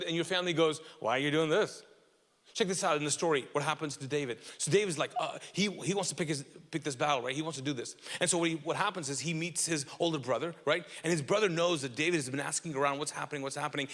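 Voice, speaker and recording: A man's voice: a little high, a bit bright, long reverb tail. A man preaching a sermon as pastor, emphatic and repetitive, asking the audience questions.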